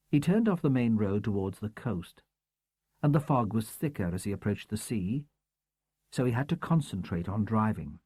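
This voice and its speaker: A man narrating a crime novel audiobook in a measured, expressive storytelling manner. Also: lowish voice, husky, no room sound. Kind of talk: scripted narration.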